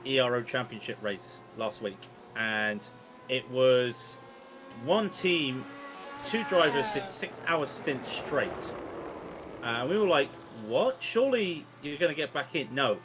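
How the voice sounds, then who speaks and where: An English man commentating a long motor race, chatty and laughing as he tells stories between updates. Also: mid-range voice. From England. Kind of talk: casual co-commentary chat. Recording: commentary over loud race-car sound.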